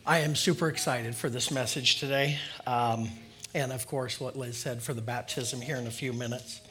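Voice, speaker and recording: A man's voice: medium pitch, steady tone, normal speed, a bit bright. A man giving a casual, conversational sermon in church, friendly and loose with filler words. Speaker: lay preacher.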